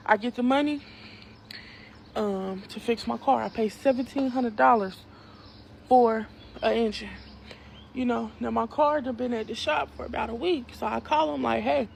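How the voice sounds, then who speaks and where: A woman's voice: fairly high pitch, vocal fry, a little hiss or hum. A young woman, giving an earnest, emphatic personal testimony in a conversational preaching way. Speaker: nursing student sharing a testimony.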